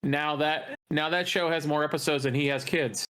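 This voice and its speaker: A man in a casual podcast chat, with a smooth, resonant voice that is a little high. He fires off wisecracks among his friends. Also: steady tone, normal speed, pushed and bright. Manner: joking, wisecracking. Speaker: podcast co-host.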